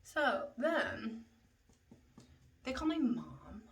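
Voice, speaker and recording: A woman's voice: a little high, sing-song, drawn-out words, gravelly, far from the mic, slight background noise. A young woman telling a story in a casual vlog while doing her makeup, chatty and profane, with lots of "like". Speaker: beauty vlogger telling a story.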